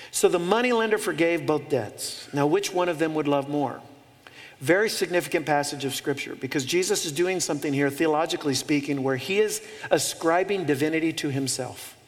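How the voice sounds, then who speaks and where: A male pastor delivering a sermon with lively storytelling and dry humorous asides. His voice sits a touch high for a man and carries a long reverb that trails off the walls of a big hall.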